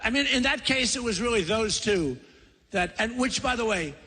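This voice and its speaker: Older guy rambling and bragging at a rally, bright husky voice, big echoey hall. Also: extremely high pitch, animated, normal speed. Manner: boastful, rambling, repetitive. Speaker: political candidate. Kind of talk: campaign rally speech. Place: large convention center. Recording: long hall reverb.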